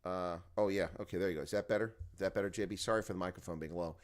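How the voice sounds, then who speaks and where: A man's voice: deep voice, fairly even intonation, very fast. A man hosting an early-morning rugby live stream from home, rambling to his chat viewers and sounding tired and groggy at his desk microphone. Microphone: desk microphone, volume turned up.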